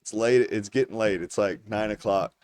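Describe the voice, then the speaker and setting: A man's voice: on the low side, normal speed. A man around forty, a podcast host, telling a long story casually with a lot of swearing and frequent laughter. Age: 40s. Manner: profane, animated storyteller who laughs through his anecdotes.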